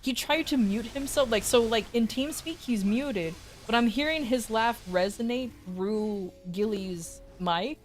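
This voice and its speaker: A woman's voice: fairly high pitch, a little slow, few pauses, slight background noise. A woman streamer casually telling a story, swearing freely and acting out quotes. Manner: animated, profane, acts out quotes.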